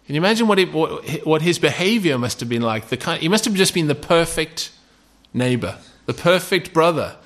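A man's voice: a little high, animated, normal speed, hardly any pauses, a bit bright. A man preaching a sermon in a conversational way, often checking in with "okay?" and asking rhetorical questions.

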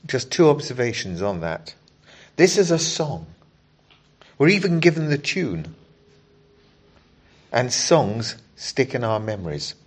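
A male preacher delivering a sermon. He explains scripture in a measured, earnest way, pausing to read whole passages aloud to his congregation. His voice sits at an ordinary middle pitch for a man. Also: sing-song, slightly rough. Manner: measured, earnest Bible exposition with scripture readings.

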